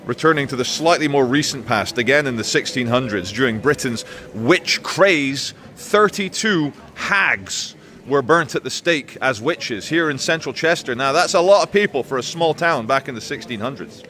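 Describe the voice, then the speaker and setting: A man's voice: mid-range voice, expressive, normal speed, pushed and bright. A man hosting a walking tour of a city, outdoors, with sarcastic, crude jokes. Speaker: vlogger host. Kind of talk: casual walking tour commentary.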